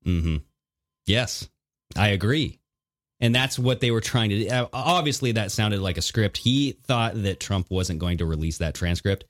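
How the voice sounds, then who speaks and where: A man co-hosting a casual political podcast, talking in an animated, mocking way and laughing often. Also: on the low side, moderate pace. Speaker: podcast co-host.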